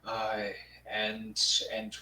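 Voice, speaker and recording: A man's voice: fairly low pitch, monotone, drawn-out words, pushed and bright. A man speaking in character as a player in a tabletop role-play, rambling and hesitant with many fillers. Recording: roomy sound, from far off, faint noise.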